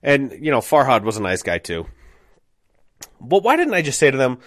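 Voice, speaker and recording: A man's voice: medium pitch, huge pitch swings, moderate pace, long pauses, no echo. Brief: casual male storyteller, self-deprecating, filler-heavy, dead dry recording.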